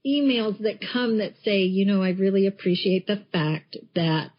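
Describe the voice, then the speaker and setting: A woman's voice: medium pitch, normal speed. A woman co-hosting a podcast as a coach, talking frankly and emphatically and swearing freely. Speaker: podcast co-host and life coach. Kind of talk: casual chat. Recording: muffled lo-fi podcast audio.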